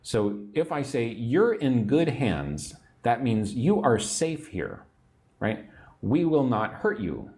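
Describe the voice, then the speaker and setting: An American man giving a livestream English lesson, repeating phrases clearly and greeting viewers by name. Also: mid-range voice, very animated, takes it slowly, darkish tone. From United States. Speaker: English teacher.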